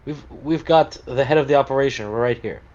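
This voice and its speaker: A man playing a tabletop role-playing game, talking easily and haltingly in character. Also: medium pitch, a little mellow, highs cut off. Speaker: player. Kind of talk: casual tabletop role-play.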